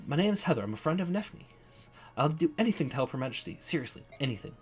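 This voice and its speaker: A man's voice: fairly high pitch, big pitch swings, fast talker, faint music behind. Man playing a gushing young thief girl. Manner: gushing, breezy.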